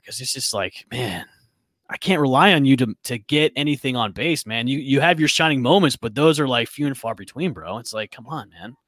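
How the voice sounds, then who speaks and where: A man co-hosting a sports podcast, ranting in animated, casual talk full of restarts. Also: medium pitch, no room sound, clean studio sound. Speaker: podcast co-host.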